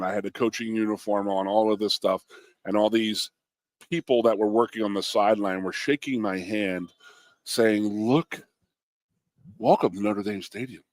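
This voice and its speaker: A man's voice: on the low side, no echo. A man co-hosting a sports radio show, telling blunt stories in casual banter. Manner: gruff storyteller, mimics voices, blunt. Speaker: co-host, former college football lineman.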